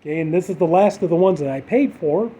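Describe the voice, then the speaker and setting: A high-pitched, slightly rough male voice moves quickly through a casual unboxing of horror movies. He's relaxed, rambling, and full of filler words. Faint noise sits under the dull, lo-fi audio.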